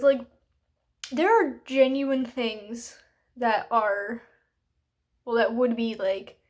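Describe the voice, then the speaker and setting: Chatty exasperated woman book vlogger. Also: a little high. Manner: chatty and exasperated, many fillers. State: hiccuping. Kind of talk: casual reading vlog rant.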